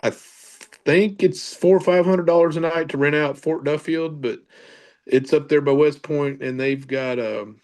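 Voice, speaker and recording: A man's voice: on the high side, moderate pace, a little mellow. A man, a podcast guest telling paranormal stories in a loose, rambling way. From Kentucky. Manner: rambling, with fillers and self-corrections. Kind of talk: casual storytelling.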